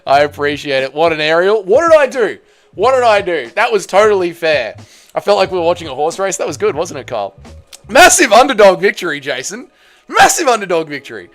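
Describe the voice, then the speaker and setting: A man hosts a live stream in a high, light voice, joking with his chat as he tallies votes. He gets loud and excitable as the counts climb. Faint music plays quietly underneath. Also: brisk. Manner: excitable, calls out vote counts, banters with chat.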